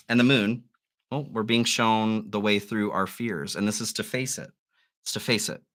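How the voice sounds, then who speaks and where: Bright-voiced man giving a musing tarot reading. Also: lowish voice. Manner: musing, gently encouraging, with soft laughs. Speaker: tarot reader. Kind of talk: live tarot reading stream.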